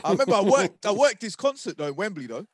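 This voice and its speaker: Podcast co-host, man, high and very lively voice, dry sound. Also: fast talker, breathy edge, no echo. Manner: animated storyteller, slangy. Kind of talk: casual chat.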